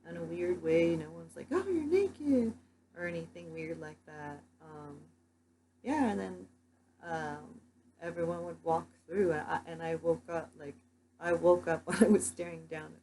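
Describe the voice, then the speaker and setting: In this poor-quality clip with a faint hiss or hum, a young woman vlogger recounts her dreams casually, speaking at a moderate pace in a deep voice with little pitch movement. She's soft-spoken and rambling, packing her talk with "like" fillers.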